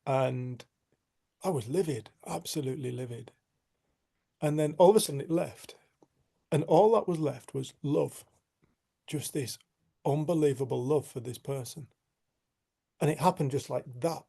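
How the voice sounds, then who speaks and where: A middle-aged man, gravelly and mellow, recounting a story casually to a group over a video call. He talks in a lively way, laughs often and slips into the voices of the people in his tale. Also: on the high side, unhurried, pauses often. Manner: animated, acts out quotes, laughs often. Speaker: group facilitator.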